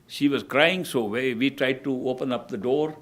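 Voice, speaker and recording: An older man giving a spiritual discourse as a teacher, telling stories in a measured way and often restarting his phrases. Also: mid-range voice, fairly bright tone.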